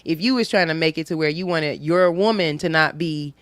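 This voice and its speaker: A woman's voice: sits low, a little fast, dry recording. A woman comedian telling a personal story in casual studio chat, acting out the dialogue. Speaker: guest comedian.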